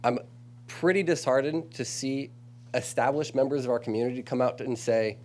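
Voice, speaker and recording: A man's voice: medium pitch, steady tone, normal speed, darkish tone. An American man making an earnest, disappointed public comment at a council meeting.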